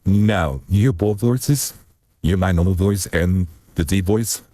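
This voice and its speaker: Low husky man muttering through a tech fix. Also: a little slow, warm tone, dry recording. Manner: rambling and muttering, swearing under his breath. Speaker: streamer. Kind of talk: casual self-talk while troubleshooting audio. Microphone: desk mic with noise gate.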